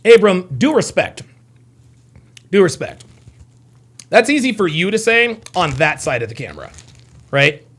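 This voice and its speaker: A man's voice: sits high, very animated, measured pace, pauses often, a bit bright, breathy edge. A man live streaming, commenting on an article and his chat in a heated, profane way, often repeating himself and snapping back at commenters.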